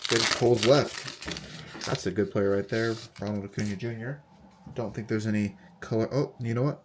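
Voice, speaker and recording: Relaxed low-voiced man reading off cards. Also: slight background noise. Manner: relaxed, reads off player names in a steady list. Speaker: card collector unboxing host. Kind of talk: casual unboxing commentary.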